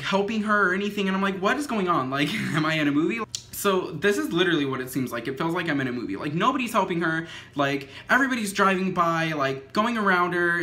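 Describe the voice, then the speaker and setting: A high, bright young man's voice telling a story to the camera. He rambles along, drops "like" into nearly every phrase, and swears casually as he goes. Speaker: vlogger. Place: indoors at home, dim lighting.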